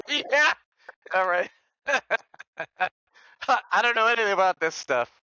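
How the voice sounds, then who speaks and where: A man in casual podcast chat who throws in quick, jokey reactions. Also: high-pitched, lively intonation, sharp tone, smooth, no room sound, lo-fi sound.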